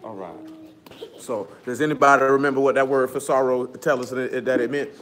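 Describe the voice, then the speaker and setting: A man's voice: medium pitch, fairly even intonation, a little fast, fairly bright tone, slight background noise. A man teaching a Bible study to a small group, coaxing listeners to read before turning emphatic and preachy. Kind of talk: scripture lesson to a small group.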